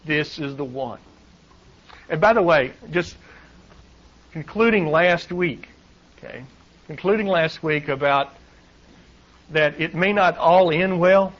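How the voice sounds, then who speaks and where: A man's voice: a little high, slow, long pauses, muffled recording. A middle-aged man preaching a sermon, reading scripture aloud and adding wry asides with chuckles. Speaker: pastor. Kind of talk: sermon, Bible teaching.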